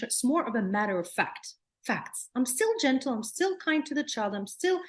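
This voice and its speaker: Woman giving an earnest workshop lecture. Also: mid-range voice. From Palestine, raised in Jordan. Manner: earnest, repeats words, acts out gentle soothing phrases. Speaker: clinical psychologist presenter.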